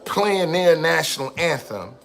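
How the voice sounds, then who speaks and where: Profane, emphatic man with bright voice. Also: on the high side, expressive, a little slow, vocal fry, soft background music. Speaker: street musician. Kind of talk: casual monologue.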